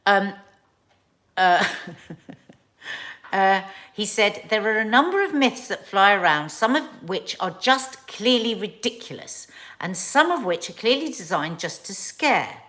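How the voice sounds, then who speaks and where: Chatty woman with a lively voice. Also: medium pitch, measured pace. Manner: chatty, rambling, with fillers and laughs. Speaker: host. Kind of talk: casual livestream chat reading viewer comments.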